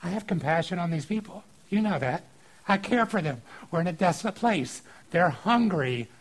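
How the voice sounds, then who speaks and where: A man's voice: high voice, lively intonation, moderate pace, rough recording. A man playing Jesus in a sermon retelling, talking in a conversational, exasperated paraphrase. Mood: testing. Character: exasperated Jesus testing his followers.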